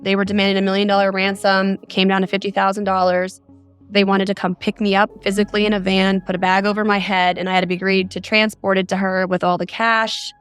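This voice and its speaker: A woman's voice: medium pitch, level tone, quick pace, a bit bright, faint music behind. A middle-aged woman from Arizona, a mother of four, earnestly recounting a frightening experience as a guest on a podcast. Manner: earnest, detailed storytelling.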